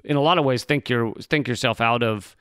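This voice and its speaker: A man's voice: medium pitch, a little fast, fairly bright tone, smooth, dry recording. A man co-hosting a podcast in casual chat, explaining things wryly with the odd curse. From Virginia. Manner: explaining, wry, occasional swearing. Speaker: podcast co-host.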